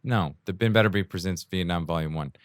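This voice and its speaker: A man's voice: low voice, fast talker, dry recording, studio quality. A young adult man hosting his own podcast, rambling through a casual solo monologue on a new home mic, often laughing at himself. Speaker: podcast host. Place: indoors at home during a rainstorm.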